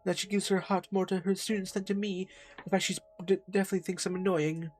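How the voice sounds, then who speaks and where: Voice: medium pitch, flat delivery, quick pace, a little mellow, lightly acted. Streamer doing a sulky jealous lover, sarcastic, plain middle voice. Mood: bitter. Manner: bitter and sarcastic. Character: lonely, jealous partner craving love. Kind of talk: voicing a game character.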